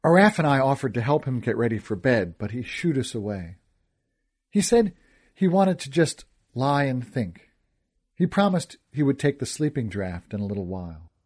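Expressive man narrating a story. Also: mid-range voice, moderate pace. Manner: expressive, wisecracking in dialogue. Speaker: audiobook narrator. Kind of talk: first-person audiobook narration.

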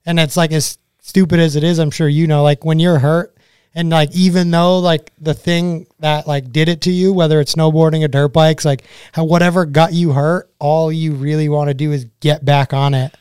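Smooth-voiced man chatting loosely. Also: on the high side, little pitch movement, normal speed, a little mellow, no echo, clean studio sound. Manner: rambling, full of "like" fillers. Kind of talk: casual chat.

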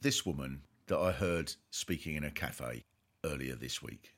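A man hosting a comedy podcast, delivering dry mock-serious monologues and dropping his voice low for jokes. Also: a little slow, fairly bright tone.

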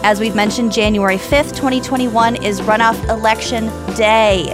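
A woman co-hosting a chatty podcast, earnest and emphatic, quick to laugh. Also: on the high side, steady tone, music in the background. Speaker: podcast co-host. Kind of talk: casual chat and read-out plug.

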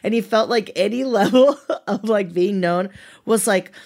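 A woman's voice: mid-range voice, moderate pace, a little mellow. A woman, a podcast co-host, telling a family anecdote in casual chat.

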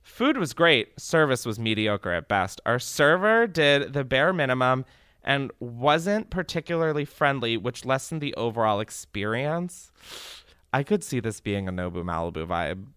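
A young man hosting a podcast reads reviews aloud in a casual comedic chat, animated and sarcastic, joking, swearing, and laughing often. His mid-range voice is clear and resonant at a measured pace, with a dry, clean studio sound.

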